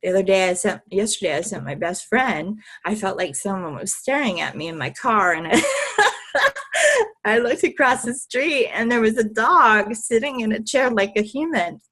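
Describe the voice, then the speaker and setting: A woman guest on an interview show, telling stories in a lively, laughing way and swearing freely. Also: medium pitch, normal speed. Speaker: podcast guest, healer. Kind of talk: casual interview storytelling.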